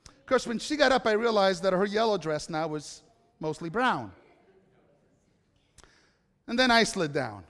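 Guy with a pretty high voice spinning a story for a crowd, chatty, asks them stuff, big echoey hall. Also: a bit bright. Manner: conversational, asks the audience questions. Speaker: speaker addressing an audience. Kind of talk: personal storytelling talk. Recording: reverberant hall.

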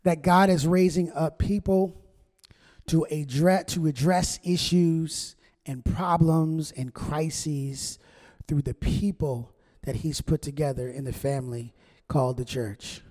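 Male pastor, conversational preacher, mellow and slightly high voice, call-and-response, echoing sanctuary. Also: steady tone, slow pace. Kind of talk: sermon. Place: church sanctuary. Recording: long church hall reverb.

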